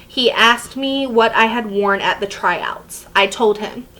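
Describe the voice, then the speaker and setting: A woman reads a memoir aloud at a steady, plain pace for her students to follow along. Now and then she breaks off to explain a passage in simple, casual words. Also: medium pitch, slow, rough recording. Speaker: teacher reading to a class. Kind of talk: reading a memoir aloud with brief comments.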